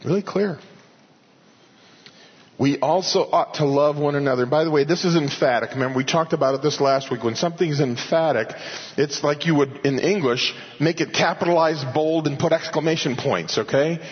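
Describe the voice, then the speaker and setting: A man preaching an expository sermon in earnest, slowing down and rising in pitch to stress key points. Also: slightly rough. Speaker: pastor. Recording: dull audio with long hall reverb.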